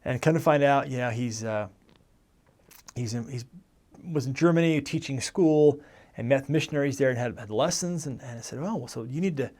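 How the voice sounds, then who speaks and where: A man's voice: medium pitch, normal speed, darkish tone. A man in his forties, a former missionary, telling his life story in a rambling, conversational way, often correcting himself as he goes. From United States. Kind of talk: casual personal storytelling.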